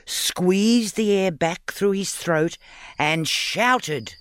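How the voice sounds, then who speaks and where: A man narrating a children's audiobook story in an expressive, playful reading. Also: high voice, drawn-out words, clean tone, dry recording, clean studio sound.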